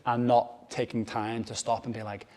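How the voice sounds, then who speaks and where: A man's voice: medium pitch, little pitch movement, normal speed, mellow. A man talking as a kettlebell coach and podcast guest in a casual chat, swearing freely and acting out what people said. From Ireland.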